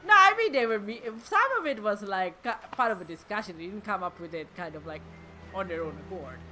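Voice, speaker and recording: A woman's voice: medium pitch, expressive, a little fast, bright, forceful tone. A woman VTuber chatting casually and rambling while she plays a game on a fundraiser stream, laughing often and swearing now and then. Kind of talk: casual live-stream chat while gaming. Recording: game music playing clearly behind.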